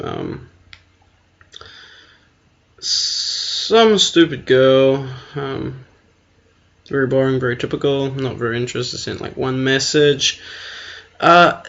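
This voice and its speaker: A man's voice: medium pitch, gravelly. A young man, ranting crudely and mocking himself as he tells a story. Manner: profane, self-deprecating, ranting. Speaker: podcast co-host. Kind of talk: crude comedic rant. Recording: dull lo-fi recording.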